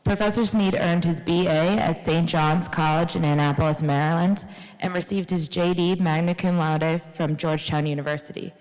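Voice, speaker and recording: A woman's voice: lowish voice, darkish tone, in a large hall, low-quality recording. A young woman, a university student, reading a formal speaker introduction in a lecture room. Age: young adult. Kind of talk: read introduction.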